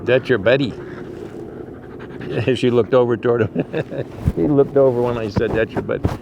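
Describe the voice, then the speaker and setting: Outdoors at a sanctuary, an animal rescuer coaxes rescue dogs affectionately and sometimes explains things to the camera. His medium-pitched voice is measured and creaky. The lo-fi recording has steady background noise and barking.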